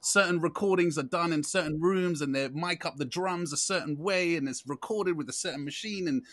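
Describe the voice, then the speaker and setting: A man co-hosts a podcast in an easygoing, slangy way. His voice sits a little high, and he keeps things casual and relaxed. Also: brisk. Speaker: podcast co-host.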